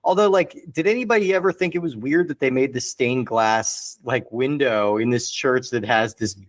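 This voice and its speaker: A man's voice: medium pitch, normal speed, no echo. A man chatting casually about a film on a podcast, rambling along with lots of fillers. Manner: rambling, heavy on fillers like "like" and "you know". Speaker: podcast panelist.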